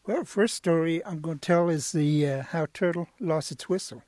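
A man telling a folk tale as a storyteller, relaxed and lively with fillers. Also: on the high side, normal speed, no echo, studio quality.

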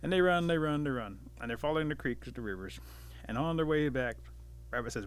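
A man telling an animal folk tale aloud in a lively, dramatic way. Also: a little high, fairly quick, smooth. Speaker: storyteller. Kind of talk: oral folk storytelling.

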